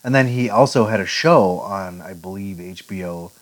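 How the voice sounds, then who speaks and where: A podcast co-host with a deep voice chats casually at normal speed, rambling through stories. He retells them lively, acting out quotes in put-on voices and laughing along.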